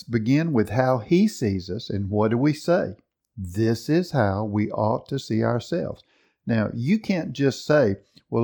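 A man preaching a sermon, teaching slowly and emphatically with dramatic pauses. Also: medium pitch, mellow.

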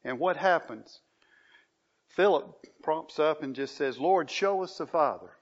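Emphatic preacher, lo-fi sound. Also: male voice, fairly high pitch, expressive, measured pace. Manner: emphatic, rising on key phrases, reads scripture aloud. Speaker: pastor. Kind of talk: sermon. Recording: dull lo-fi recording.

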